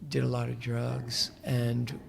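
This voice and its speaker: A man with a deeply gravelly, fry-heavy voice talks in a casual interview, soft-spoken and meandering, often restarting his sentences. A faint hiss sits under the recording in a hotel room. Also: monotone, takes it slowly. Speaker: musician guest.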